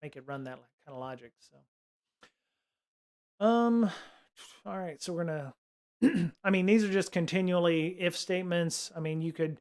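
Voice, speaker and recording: A man's voice: high voice, unhurried, pauses often, darkish tone. A man hosting a casual tech livestream, rambling along with lots of fillers and restarts. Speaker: livestream host.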